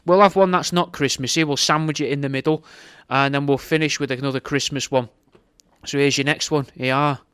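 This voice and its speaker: A male podcast host gives a chatty, offhand plug. His voice is smooth and crisp, recorded close in a dry, dead space. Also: medium pitch, steady tone, a little fast, a bit bright, no room sound. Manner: chatty and offhand, calls listeners mate.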